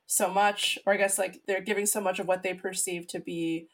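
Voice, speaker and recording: A woman interviewer with a somewhat low voice builds long, thoughtful questions. She winds through her points before arriving at what she wants to ask. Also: little pitch movement, fairly quick. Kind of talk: interview conversation.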